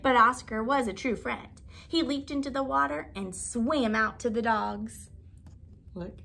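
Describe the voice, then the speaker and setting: A woman teacher reading a storybook aloud in an expressive, animated way. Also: a little high, a little slow, gravelly.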